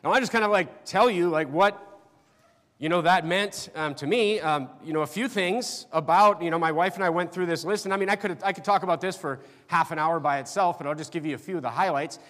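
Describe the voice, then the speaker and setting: A middle-aged man from North Dakota preaching a sermon, personal and conversational, often pausing on fillers and restarting his sentences. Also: on the high side, fairly bright tone. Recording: long reverb of a church hall.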